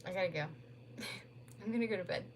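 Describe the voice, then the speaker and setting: A woman's voice: fairly low pitch, fast talker, slight background noise. A young woman chatting casually on a livestream from home into a phone, rambling and filling her talk with "like". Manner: rambling, lots of "like" fillers. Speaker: streamer.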